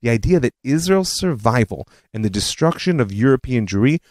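A man hosting a history podcast, telling it as a scripted lecture with animated storytelling and personal asides. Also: medium pitch, fairly quick, dry recording.

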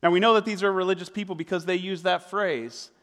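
A man's voice: sits high, fairly even intonation, quick pace, fairly bright tone, in a large hall. A man preaching a sermon as pastor, talking in a conversational way with fillers and tag questions.

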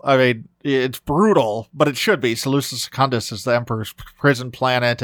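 A man co-hosts a podcast and gushes over a film in loose, casual chat. He often stops and restarts his sentences as his excitement runs ahead. His mid-range voice is close to the mic, with a dry sound and no room echo. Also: mid-range voice. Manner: enthusiastic, talks with frequent restarts. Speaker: podcast co-host.

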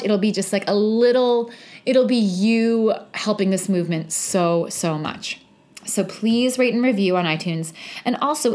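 A young adult woman hosting her own podcast, talking casually and candidly, with self-deprecating asides. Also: mid-range voice. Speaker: podcast host. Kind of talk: casual solo podcast monologue.

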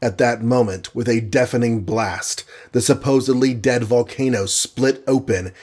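Guy reading an adventure storybook out loud, steady and dramatic, mid pitch. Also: unhurried, husky. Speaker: narrator. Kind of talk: storybook read-aloud narration.

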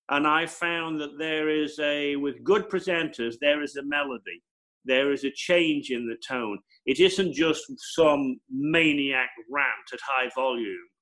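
A man who works as a television presenter, explaining his craft in an emphatic, animated way during an interview. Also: a little high, rough recording. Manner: animated, emphatic storytelling with repeated phrases. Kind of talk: conversational interview answers.

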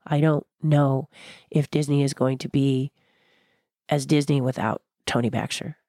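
Older woman guest, low-pitched, dry close sound, outspoken and passionate. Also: unhurried, no echo. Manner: passionate, blunt, animated storyteller. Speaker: guest, former theme park designer. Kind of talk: candid interview conversation.

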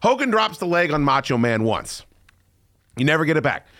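A man hosting a podcast in casual chat, excitable and profane, often breaking into loud shouting. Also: fairly high pitch, normal speed. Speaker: podcast host.

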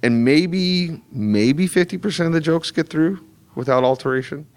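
A man's voice: on the high side, normal speed, a little mellow. A man who draws comics answers fans in a casual interview, rambling with many restarts and fillers and stressing points with emphatic asides. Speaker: comic book artist. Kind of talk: convention interview chat.

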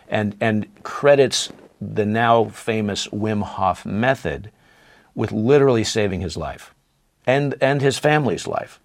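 A man's voice: on the low side, gravelly. A man talking earnestly and enthusiastically as a podcast guest, often restarting his phrases. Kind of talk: podcast conversation.

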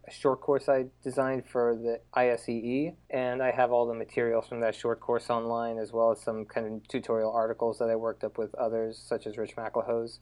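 A man, a researcher guest on an academic podcast, answering in a thoughtful, relaxed way with easy laughs. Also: medium pitch. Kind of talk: casual academic podcast interview.

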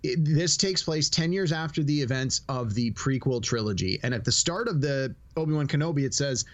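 A middle-aged man with a medium-pitched voice hosts a casual podcast, talking fairly quickly with few pauses. Animated and playful, he acts out quotes in his stories and keeps laughing as he speaks.

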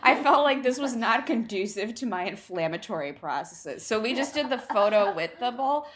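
A woman's voice: fairly high pitch, lively intonation, moderate pace. A woman with a Midwestern accent, a podcast co-host telling a story with wry jokes. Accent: Midwestern American.

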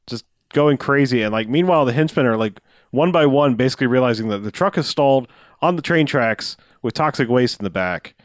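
A man in relaxed conversation, retelling a movie scene by scene and breaking into put-on voices for the characters. His voice sits at a middle pitch and is recorded dry and close, with no room sound. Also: fairly quick, dry recording. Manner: acts out characters' lines with laughs. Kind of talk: casual chat recapping a movie.

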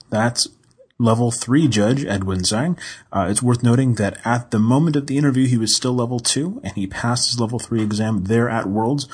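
A man introducing podcast segments in an informal, lightly filler-laden way. His voice is low and husky. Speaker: podcast host.

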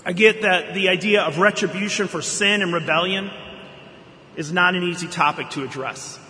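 A man's voice: sits high, moderate pace, bright, forceful tone. A middle-aged man preaching a sermon, telling a family story and reading scripture in an earnest way. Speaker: pastor. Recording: echoey hall reverb, faint room noise.

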